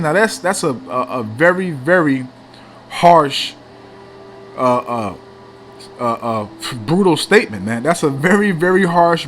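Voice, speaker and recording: A man's voice: mid-range voice, a bit bright. A man preaching in a blunt, profane street style, reading scripture aloud and tagging lines with "man".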